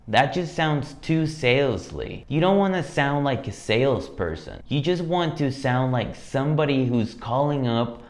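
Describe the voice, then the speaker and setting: A man walks through phone sales scripts in a direct, confident way. His voice sits at an ordinary middle pitch, and he slips into short sample phone lines as he teaches. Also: lively intonation, measured pace, hardly any pauses. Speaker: sales coach. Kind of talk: instructional talk.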